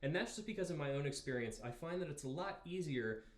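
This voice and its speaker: A young man teaching marimba, talking through exercises in a relaxed way and counting beats aloud. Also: on the high side, fast. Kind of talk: instructional music lesson. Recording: roomy practice space with marimba. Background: marimba playing.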